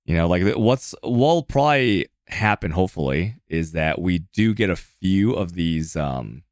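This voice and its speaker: A deep-voiced American man hosts a casual stream chat. He talks in a lively, joking way and leans on fillers and restarts, with his pitch swinging widely. The sound is close and dry. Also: measured pace, no echo. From United States. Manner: animated, filler-heavy, joking. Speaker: streamer host.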